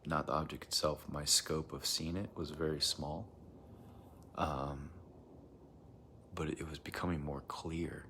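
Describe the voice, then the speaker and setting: A man's voice: extremely low pitch, flat delivery, unhurried, long pauses, fairly bright tone, slight background noise. A man telling a strange personal experience in a rambling, hesitant way, often dropping into a whisper. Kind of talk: casual first-person account.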